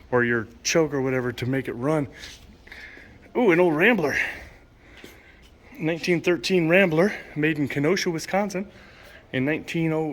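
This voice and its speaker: Enthusiastic man touring a car museum. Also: a little high. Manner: enthusiastic, reads exhibit signs aloud, stumbles on names. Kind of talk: casual walk-through commentary. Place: indoor car museum hall.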